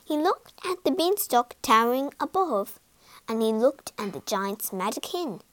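A woman reading a children's fairy tale aloud with slow, expressive storybook narration. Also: on the high side, dry recording.

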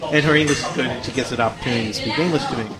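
A man co-hosting a talk show, telling a story in casual chat and acting out the quotes with animation. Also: racing. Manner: animated, acts out quotes, rises in pitch when excited. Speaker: podcast co-host. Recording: music playing loudly behind.

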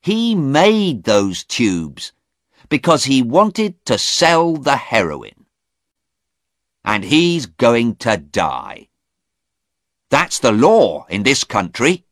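A man voicing an agitated young man, talking in a high, strained, hurried way in an audiobook. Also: big pitch swings, fairly bright tone, no echo, clean studio sound, heavily acted. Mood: angry.

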